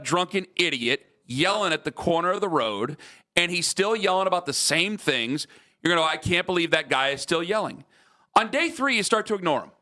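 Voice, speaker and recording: A man's voice: high-pitched, sharp tone. A male sports radio host ranting heatedly, often repeating himself.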